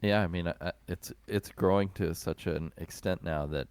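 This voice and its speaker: A man's voice: low-pitched, moderate pace, a little mellow, a little hiss or hum. A man co-hosting a podcast in easygoing casual chat, laughing often. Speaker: podcast co-host.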